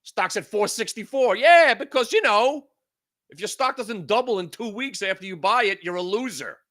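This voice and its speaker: A man's voice: high-pitched, expressive, moderate pace, pushed and bright. Frantic swearing male trading host. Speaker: stock trading room host. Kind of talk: live market commentary.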